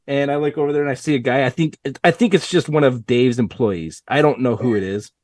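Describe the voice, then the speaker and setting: Man, podcast host, animated storyteller, dry close mic. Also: medium pitch, a little fast, dry recording. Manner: animated storyteller, acts out quotes. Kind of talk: casual storytelling.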